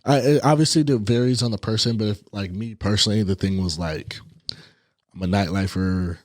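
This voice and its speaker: Young adult male co-host, lowish and reflective, hesitant delivery, dry close mic. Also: a little fast, no echo. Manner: reflective, hesitant, restarts sentences. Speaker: podcast co-host. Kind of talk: casual chat.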